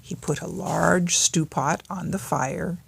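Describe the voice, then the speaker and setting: An older woman, a grandmother, gently reading a bedtime story aloud in a home recording. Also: fairly low pitch, steady tone, takes it slowly, gravelly, slightly rough.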